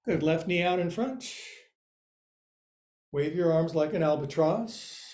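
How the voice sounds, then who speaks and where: A man's voice: a little high, takes it slowly, a little mellow. A man teaching a guided yoga class, calling out poses, counting holds aloud and joking about words along the way. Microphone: livestream from his own space.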